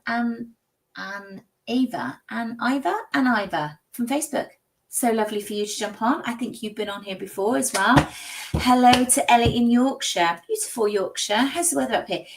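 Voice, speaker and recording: A woman's voice: on the high side, a bit bright, rough recording. A woman hosting a live tarot stream, chatting and greeting viewers by name. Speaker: psychic tarot reader and livestream host. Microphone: streaming setup.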